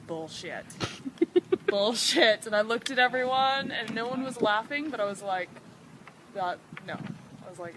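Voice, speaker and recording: Softly amused young woman classmate. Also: mid-range voice, a little hiss or hum. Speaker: classmate being interviewed. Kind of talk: casual interview.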